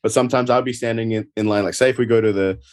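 Deep-voiced man with an Adelaide accent. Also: fairly even intonation, rapid-fire, darkish tone, no echo, studio quality. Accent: Adelaide Australian. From Australia. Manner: easygoing, rambling, lots of filler words. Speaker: guest, professional wrestler. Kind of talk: casual interview chat. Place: at home.

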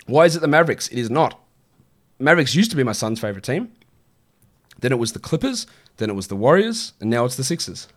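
A man's voice: medium pitch, big pitch swings. Chatty man hosting a show. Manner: chatty, offhand, quick answers to viewer questions. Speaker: fantasy basketball show host. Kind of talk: casual live-stream Q&A.

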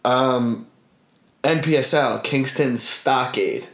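A man's voice: mid-range voice, slow pace, vocal fry, a bit bright, echoey room. A young man from the United States in casual chat as a guest, laid-back and joking, swearing offhand. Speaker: guest, footballer.

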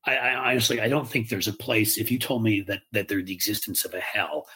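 A man's voice: lowish voice, steady tone, a little fast, sharp tone, breathy edge. A man co-hosting a podcast, chatting casually and animatedly, mocking people in put-on voices. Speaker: podcast co-host. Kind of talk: casual political chat.

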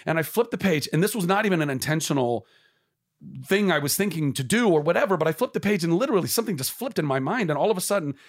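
A man's voice: a little high, lively intonation, fast. A man talking earnestly and with passion in a casual conversation, swearing freely and sometimes dropping to a whisper.

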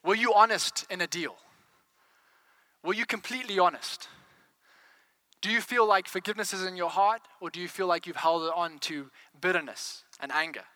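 A male preacher delivers a fervent sermon in a high, piercing voice. He stacks rhetorical questions and repeats words as he gathers steam. The sound is dry and close. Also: normal speed, sharp tone, dry recording. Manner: repeats words as he builds momentum.

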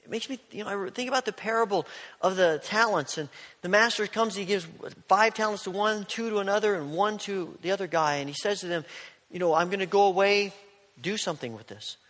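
A man preaching a sermon in a conversational, storytelling way, sometimes dropping his voice to a soft near-whisper. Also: high voice, fairly quick, big-room sound. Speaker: pastor.

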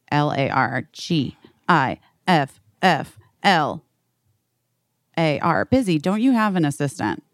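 A woman's voice: low voice, dry recording, studio quality. A woman chatting casually over a video call, rambling and swearing freely. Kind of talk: casual chat.

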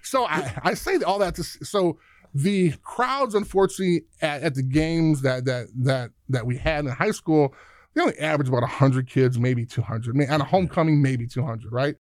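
Man, 50s, from Chicago, interview guest; lively storyteller who voices the other people in his anecdotes, a touch higher pitched. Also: normal speed, no room sound, clean studio sound. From Chicago, USA. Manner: animated storyteller who acts out quoted voices, casual swearing. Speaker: podcast guest, former football player.

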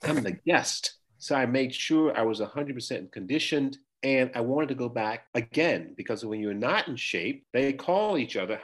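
An older man, an interview guest, telling animated stories about his past and acting out other people's lines. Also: medium pitch, moderate pace, few pauses, husky. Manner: animated storyteller, acts out quoted voices. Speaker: interview guest, retired bodybuilder. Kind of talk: storytelling interview answers.

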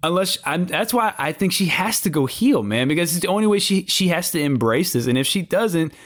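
Animated man talking wrestling. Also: sits high, fairly quick. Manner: animated, repeats words when excited, slangy. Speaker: wrestling podcast panelist. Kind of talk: casual wrestling discussion.

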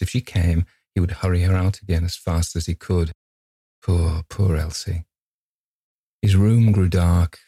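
A man narrating a ghost story in a measured, grave manner. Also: low-pitched, warm tone, husky, no room sound. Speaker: audiobook narrator.

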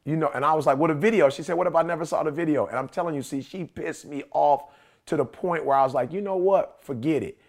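A man's voice: fairly high pitch, fairly even intonation, fast talker. A man hosting a casual talk show, telling stories animatedly and laughing often. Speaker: podcast host. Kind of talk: casual chat.

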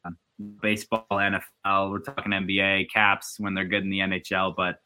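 Bright-voiced East Coast guy chatting. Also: low-pitched, fairly quick, clean tone. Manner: animated storytelling, many restarts and fillers. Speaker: podcast guest. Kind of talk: casual sports chat.

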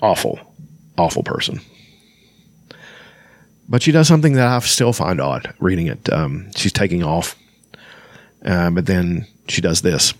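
Man, low voice, dry close sound, casual book reading, stumbles and restarts. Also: animated, measured pace, pauses often, dry recording. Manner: loose, stumbling, self-correcting reading. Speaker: podcast host reading a novel aloud.

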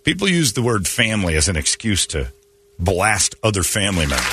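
A man's voice: deep voice, big pitch swings, fairly quick, pushed and bright, a faint crowd, slight background noise. A man hosting a morning radio show, bluntly chatting and reading listener letters aloud. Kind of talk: casual morning radio banter.

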